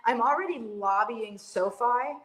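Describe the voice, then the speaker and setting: A middle-aged woman chatting as a podcast guest, telling lively stories and acting out her own shouting. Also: a little high, unhurried. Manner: animated storyteller, acts out her own yelling. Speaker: guest, sports analyst. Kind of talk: casual podcast chat.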